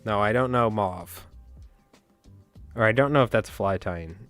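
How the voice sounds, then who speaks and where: A man's voice: fairly low pitch, moderate pace, a bit bright, faint music behind. A man hosting a casual fly tying live stream, joking and rambling as he talks back to his chat.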